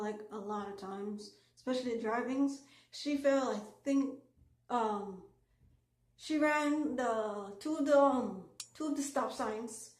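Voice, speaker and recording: A woman with a slightly high voice tells a personal story in a loose, rambling way, stopping often for filler ums and restarting her sentences. Her voice bounces around an echoey room.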